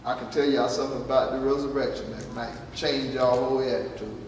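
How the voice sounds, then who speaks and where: A man's voice: mid-range voice, steady tone, brisk, slight background noise. A man preaching a folksy sermon and asking his congregation questions. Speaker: pastor. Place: church hall. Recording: echoey church hall from far off.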